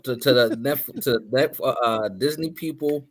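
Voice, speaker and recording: A man with a mid-pitched voice talks emphatically on a podcast, cutting in to explain things in a casual way. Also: normal speed, no room sound. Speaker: podcast co-host. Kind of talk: casual chat.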